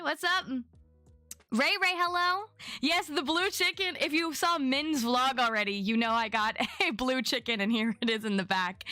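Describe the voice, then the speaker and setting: Chatty young woman streamer, bright voice, dry close mic, faint music behind. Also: on the high side, no echo. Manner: chatty, bubbly, greets viewers by name. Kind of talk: casual live-stream chat.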